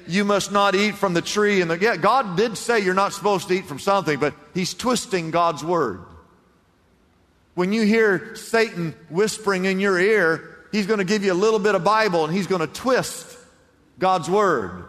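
A man preaching a sermon, swinging between loud, emphatic lines and hushed ones and acting out the voices in the story. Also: high-pitched, normal speed. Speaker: pastor. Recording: hall reverb.

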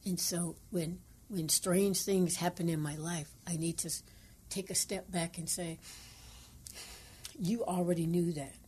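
Woman, radio co-host, mellow, low voice, earnest, quotes scripture. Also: little pitch movement, a little slow, husky. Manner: earnest, devotional, quotes scripture, dips into hushed asides. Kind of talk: radio call-in talk.

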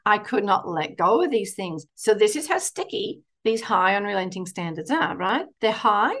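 Middle-aged woman, counsellor guest, lively storyteller who laughs easily. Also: medium pitch, normal speed. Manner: animated, laughing storyteller, acting out inner voices. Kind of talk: storytelling interview chat.

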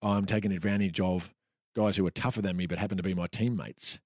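A middle-aged Australian man reads his own memoir aloud on a podcast, with a wry touch and frequent chuckles. His voice sits fairly low, close and dry with no room sound. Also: fairly even intonation, fast, no room sound. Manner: laughs often while reading, wry. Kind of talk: storytelling podcast chat, reading aloud.

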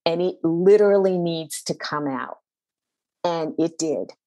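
A woman's voice: lowish voice, unhurried, dark tone, no room sound, muffled recording. A woman pastor, a podcast guest, telling a personal faith story in an earnest, intense way with a shifting pace.

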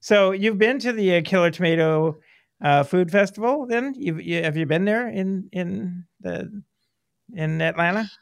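Man, middle-aged, slightly high voice, dry recording, laughs a lot, podcast host. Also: measured pace, creaky, no room sound. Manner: rambling, laughs often, many restarts. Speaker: podcast host, former filmmaker. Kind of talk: casual reminiscing interview.

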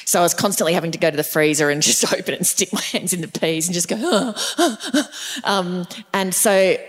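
A woman's voice: on the low side, steady tone, fast talker, big-room sound, a little hiss or hum. A woman co-hosting a podcast before a live crowd, asking playful, teasing questions. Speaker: podcast co-host. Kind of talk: casual chat before a live audience.

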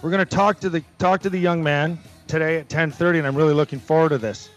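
A man's voice: fairly high pitch, soft background music. Chatty sports radio host, man. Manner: talkative, repeats himself, quick asides. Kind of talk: casual sports radio chat.

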